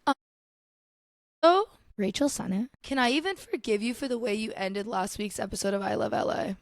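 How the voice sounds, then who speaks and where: A woman's voice: fairly high pitch, moderate pace, no room sound, studio quality. A young woman hosting a podcast alone, rambling casually about TV and food with lots of "like" and swearing, dramatic and gushing. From United States. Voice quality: chatty, profane, filler-heavy with lots of "like". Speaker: podcast host. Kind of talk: casual solo chat.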